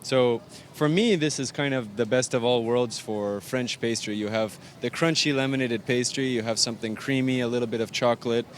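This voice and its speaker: A man's voice: mid-range voice, moderate pace. A man from Arizona, a pastry chef and bakery owner, explaining his pastries in detail, with fillers, during an on-location interview. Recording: faint outdoor traffic noise.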